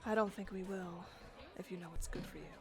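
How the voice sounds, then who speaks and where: A woman's voice: fairly low pitch, fairly even intonation, fairly quick, lightly acted. A woman voicing a tall, stern female club enforcer who gives curt, firm warnings, with game music behind. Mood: cold.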